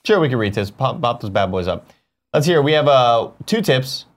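A man's voice: medium pitch, expressive, normal speed. A man hosting a casual livestream talk show, joking, swearing and reading out viewer tips. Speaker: show host.

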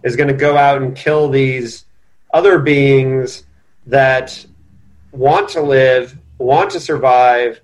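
A man's voice: mid-range voice, fairly even intonation, takes it slowly. Podcast co-host, male, mid voice, earnest, restarts a lot mid-thought. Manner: earnest, thinks aloud with restarts. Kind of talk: casual book discussion.

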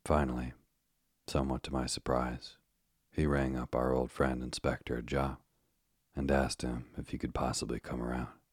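A man narrating a story with a very deep, husky voice. His delivery is measured, steady and flat. The recording is close and dry. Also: no room sound. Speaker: audiobook narrator. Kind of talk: scripted first-person narration.

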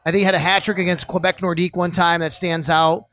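Animated middle-aged new guy telling stories on a podcast, kinda high voice. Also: quick pace. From Buffalo area. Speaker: podcast guest. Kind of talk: casual storytelling chat.

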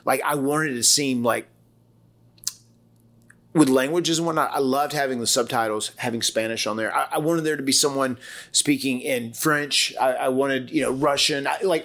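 A man's voice: medium pitch, a bit bright. Rambling Southern man telling stories. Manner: rambling storytelling with quoted voices and restarts. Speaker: wrestler and podcast co-host. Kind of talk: casual podcast conversation.

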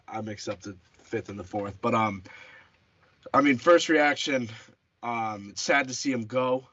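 A man's voice: medium pitch, a bit bright. A man hosting a casual sports podcast, chatty, often restarting and correcting himself. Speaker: podcast host. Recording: dull lo-fi audio.

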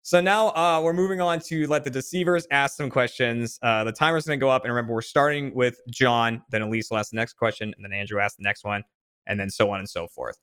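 A man's voice: medium pitch, fairly even intonation, quick pace, a bit bright, clear, resonant tone. A man from the area hosting a casual online game show, laughing easily as he talks. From Boston area, USA. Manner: laughs often, easygoing. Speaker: game host.

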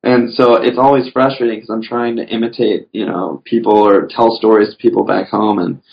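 A man's voice: lowish voice, fairly even intonation, brisk, gravelly. A man chatting casually on a podcast as a guest, rambling through his stories with lots of "you know" fillers. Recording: dull lo-fi recording.

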